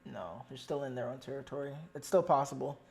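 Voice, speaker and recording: A fan streaming their own play-by-play of a game, excitable and pleading, jumping between loud outbursts and quiet muttered commentary, with frequent swearing. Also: mid-range voice, fairly quick, vocal fry. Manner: swears often. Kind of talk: amateur live stream commentary.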